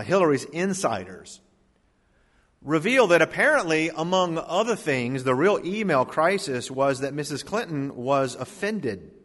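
A man preaching a sermon as pastor, emphatic, with sudden drops and surges in loudness. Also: on the high side, in a large hall.

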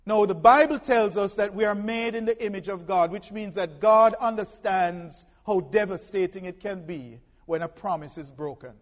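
A man preaching a sermon from the pulpit, folksy and humorous, swinging from soft asides to loud emphatic lines. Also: sits high, normal speed, few pauses, long reverb tail. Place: church pulpit.

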